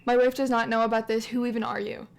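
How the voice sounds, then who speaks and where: A woman's voice: fairly high pitch, level tone, fast talker, creaky. A woman voicing a defensive, secretive husband who snaps at others, in a life-sim story narration. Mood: livid. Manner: defensive and snappish.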